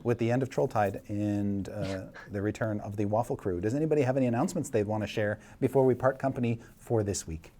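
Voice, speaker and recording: A middle-aged man runs a tabletop game as its narrator. He paints the action vividly, pausing on fillers and laughing as he goes. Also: lowish voice, mellow. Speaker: dungeon master.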